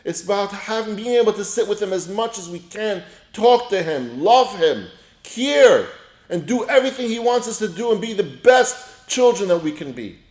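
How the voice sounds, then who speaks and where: A man's voice: high-pitched, animated, moderate pace, echoey room. A man teaching an informal Torah class, explaining ideas with many restarts and a storytelling manner. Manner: storytelling, drops soft when telling a story, many restarts.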